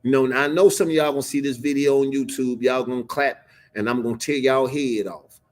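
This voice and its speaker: A man's voice: medium pitch, steady tone, brisk, darkish tone. A man in his fifties teaching a casual scripture class, emphatic and slangy, repeating words for effect. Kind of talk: casual scripture breakdown preaching.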